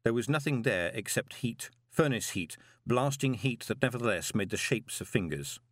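A man reading a novel aloud as an audiobook narrator, dramatic and expressive with drawn-out pauses. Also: medium pitch, dry recording. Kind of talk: scripted narration. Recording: dry close studio recording.

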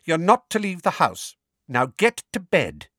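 A man voicing a shrill, snappish middle-aged woman with a trembling voice. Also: huge pitch swings, measured pace, bright, forceful tone, husky, no room sound, clean studio sound, exaggerated voice.

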